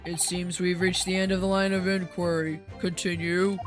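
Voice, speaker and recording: Woman putting on a haughty male prosecutor, lower and flat, formal and disdainful, game music behind. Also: moderate pace, lightly acted. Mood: stern. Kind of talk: reading game dialogue aloud.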